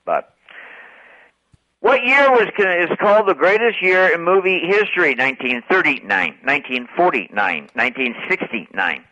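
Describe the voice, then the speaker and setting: Bright, lively man on dull lo-fi line. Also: on the high side, normal speed, no echo. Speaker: trivia contributor calling in. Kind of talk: radio trivia segment.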